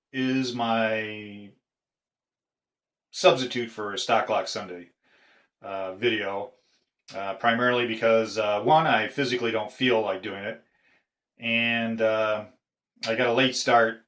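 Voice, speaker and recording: Brief: middle-aged male collector, slow, lowish voice, hesitant show-and-tell, echoey room. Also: fairly bright tone. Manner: halting, with frequent "uh" pauses. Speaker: padlock collector. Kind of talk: casual show-and-tell video.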